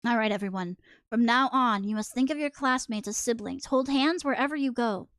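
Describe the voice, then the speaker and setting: A grave male schoolteacher, put on by a woman reading a manga aloud, lecturing a frightened class in a solemn, commanding tone. The voice sits lower than her own, recorded close and dry. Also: brisk, a bit bright, dry recording, close to an everyday voice. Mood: stern.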